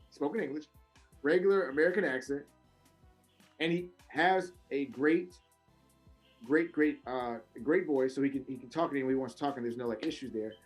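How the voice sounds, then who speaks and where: A man co-hosting a casual wrestling podcast, ranting in an animated, profane way, swinging from loud high outbursts to low mutters. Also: moderate pace, soft background music. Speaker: podcast co-host.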